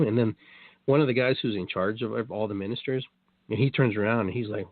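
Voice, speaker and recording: A man hosting a show, telling a story in a casual, animated way, acting out what people said and swearing now and then. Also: lowish voice, fast talker, no room sound. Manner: animated, acts out quotes, swears. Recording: dry tinny phone-like line.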